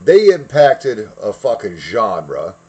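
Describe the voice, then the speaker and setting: A man's voice: lowish voice, huge pitch swings, takes it slowly, a little mellow, slightly rough, muffled recording. A man co-hosting a podcast in casual chat, emphatic and enthusiastic. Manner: enthusiastic, emphatic fan talk. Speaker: podcast co-host.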